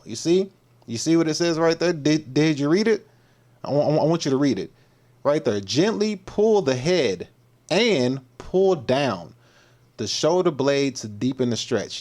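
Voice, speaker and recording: A man's voice: fairly high pitch, darkish tone. A man from Texas, hosting a fitness livestream in a playful, joking manner with loose, repetitive slang. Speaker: fitness coach, livestream host.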